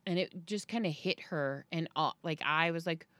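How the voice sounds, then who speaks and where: A woman in her thirties chatting casually as a podcast host, telling a story and acting out quotes with sudden high-pitched jumps. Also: normal speed, noisy background. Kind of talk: casual chat.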